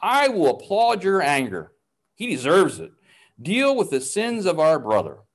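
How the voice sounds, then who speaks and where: Dude reading a smug tattletale brother, eager and accusing, pitch bouncing around in a storybook. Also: male voice, huge pitch swings, measured pace, heavily acted. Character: self-righteous tattling man, eager and accusing.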